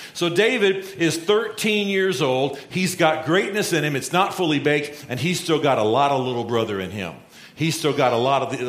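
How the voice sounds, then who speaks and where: A male pastor preaching a sermon, telling a Bible story and acting out the quotes with lively, conversational energy. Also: medium pitch. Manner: storytelling, animated, acts out quotes. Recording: roomy echo.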